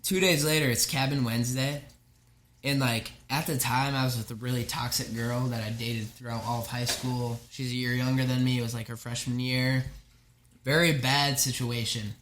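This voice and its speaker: A man's voice: medium pitch, fairly even intonation, moderate pace, fairly bright tone, roomy sound. A young man telling a rambling college story in casual chat, swearing a lot and laughing along with himself. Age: young adult. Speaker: podcast guest.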